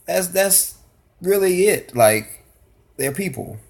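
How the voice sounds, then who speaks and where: A man's voice: high voice, expressive, takes it slowly, gravelly, a little mellow. A man chatting casually while reacting to a video, rambling loosely from one thought to the next. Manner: rambling, loose, full of restarts and fillers. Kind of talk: casual chat.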